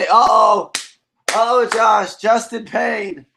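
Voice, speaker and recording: A man hosting a casual live stream, joking as he reads chat comments aloud, his voice hoarse and partly gone. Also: sits high, slow pace, sharp tone, rough recording.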